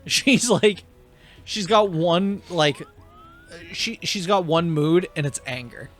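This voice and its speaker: A man's voice: high voice, takes it slowly, faint music behind. A young man co-hosting a podcast, chatting casually while playing a video game and telling stories animatedly. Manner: animated storyteller, swears casually. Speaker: podcast co-host.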